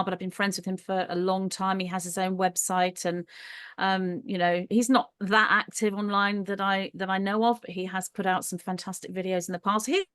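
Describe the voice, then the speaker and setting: A woman's voice: medium pitch, a bit bright, clear, resonant tone, dry recording. A woman speaking as a guest in a casual online chat, enthusiastic and full of restarts. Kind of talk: casual chat on a video call.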